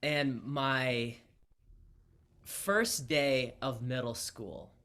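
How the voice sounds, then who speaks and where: Bright-voiced easygoing man. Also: mid-range voice, fairly even intonation, drawn-out words. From Canada. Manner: easygoing, joking, self-deprecating. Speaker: pastor. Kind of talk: casual interview chat.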